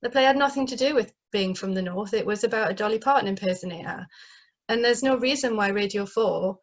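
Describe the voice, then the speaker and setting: A woman with a northeast English accent talks casually as an interview guest, her voice mid-pitched. She hesitates and restarts often, and the video call audio is slightly dull. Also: brisk. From northeast England. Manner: chatty, hesitant, many fillers and restarts. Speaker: playwright guest.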